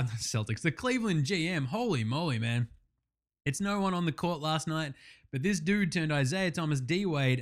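A man with an Australian accent hosting a sports talk podcast, animated, slangy and sweary. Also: medium pitch. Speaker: podcast host. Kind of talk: sports talk show monologue.

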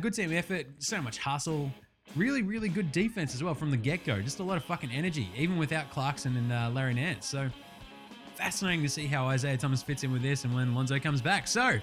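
A man with an Australian accent hosting a sports talk podcast, animated, slangy and sweary. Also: fairly high pitch, fairly quick, soft background music. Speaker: podcast host. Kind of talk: sports talk show monologue.

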